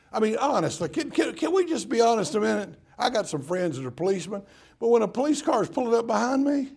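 A gravelly, husky man preaching a sermon in a fairly high voice. He moves between loud calls and hushed, tender tones. He restarts his words in quick bursts. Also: very animated. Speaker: pastor.

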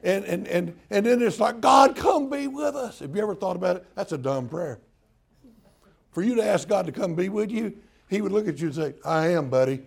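A man's voice: high-pitched, expressive, brisk, gravelly, darkish tone, husky. An older man preaching a folksy sermon, joking with the congregation and acting out prayers in mock-crying voices. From Southern US. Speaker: pastor.

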